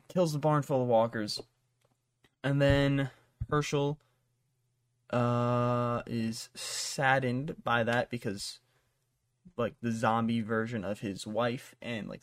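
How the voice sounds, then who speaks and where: A man's voice: mid-range voice, slow, no room sound, studio quality. A man hosting a podcast, rambling through a casual plot recap full of swearing and fillers. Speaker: podcast host. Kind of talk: casual chat.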